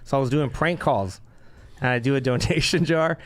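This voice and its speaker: A man who is a guest on a podcast, telling loose, lively stories in a casual chat. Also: medium pitch, normal speed. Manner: lively, loose storytelling with laughs.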